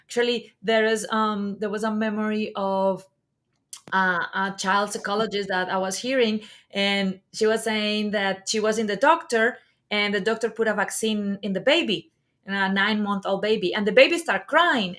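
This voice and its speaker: A woman hosting a talk show, enthusiastic and animated as she tells stories. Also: mid-range voice, normal speed. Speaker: host. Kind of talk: livestream talk show chat.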